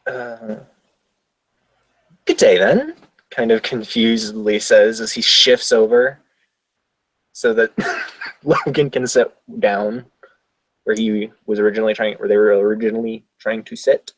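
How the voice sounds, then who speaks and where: A man's voice: on the low side, flat delivery, measured pace, no echo, poor audio. A man playing a tabletop game, describing his character in a rambling, self-correcting way. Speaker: player.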